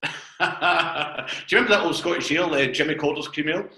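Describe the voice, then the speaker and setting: A man's voice: fairly high pitch, fairly quick, bright, forceful tone. A man co-hosting a podcast, joining in puns and giggling in casual banter. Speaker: podcast co-host. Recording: roomy echo.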